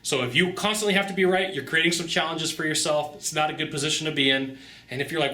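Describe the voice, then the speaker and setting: A sales coach giving casual, energetic tips straight to camera, chatty and repeating phrases for emphasis. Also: male voice, a little high, fast. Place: Sacramento, California. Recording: roomy echo.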